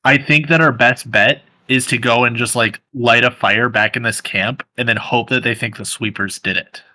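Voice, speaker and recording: A man's voice: mid-range voice, steady tone, normal speed, bright, forceful tone. A man playing a tabletop game, talking eagerly and hedging his ideas with "like" and "I think". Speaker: player.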